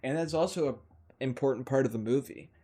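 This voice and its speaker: Excitable man rambling through a review. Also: mid-range voice, a little fast. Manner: excitable, gushing, rambles with restarts and mild swearing substitutes. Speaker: movie reviewer. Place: indoors, warm room.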